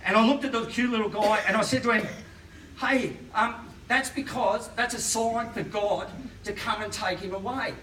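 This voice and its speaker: A man's voice: high voice, normal speed, bright, forceful tone, a little hiss or hum. A man doing a rambling stand-up comedy set and laughing through his own punchlines, recorded live in a comedy venue. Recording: roomy live room, distant mic.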